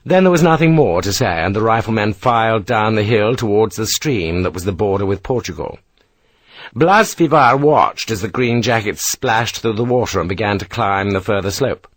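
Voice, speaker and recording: A man reading an audiobook in a steady storytelling manner. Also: fairly low pitch, moderate pace, no room sound. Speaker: audiobook narrator. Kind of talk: scripted narration.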